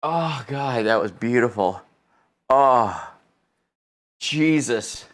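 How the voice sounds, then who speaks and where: Speaking extremely slowly, this livestream host offers comic political commentary full of exclamations and mock incredulity. His mid-range voice is animated.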